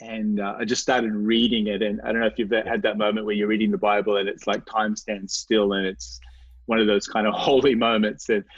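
Earnest man with halting, repeating speech. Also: fairly low pitch, level tone, breathy edge, no echo. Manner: halting, repeats words and restarts often; reflective, earnest storytelling. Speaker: interview guest. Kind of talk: personal faith story in conversation. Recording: dry, slightly dull recording.

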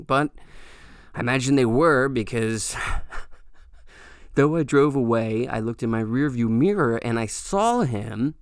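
A man's voice: mid-range voice, creaky, no room sound, clean studio sound. A young adult man hosting a podcast, telling a rambling, profane story in a casual way. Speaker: podcast host. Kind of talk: storytelling monologue.

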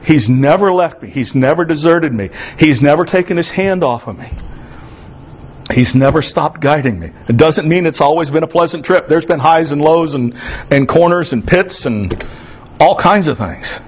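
A man's voice: fairly high pitch, animated, moderate pace, slightly rough. A man from Florida preaching a sermon in an earnest, repetitive cadence.

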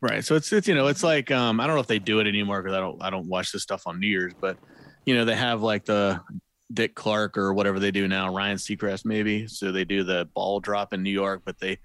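Low-voiced, chatty podcast co-host. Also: male voice, fairly bright tone, smooth, no room sound. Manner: chatty, hesitant, lots of fillers. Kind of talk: casual chat.

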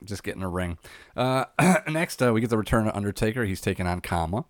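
A man's voice: lowish voice, animated, fairly quick, dry recording, clean studio sound. A man co-hosting a podcast, recapping events step by step in a laid-back, casual way. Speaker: podcast co-host recapping wrestling. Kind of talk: casual chat.

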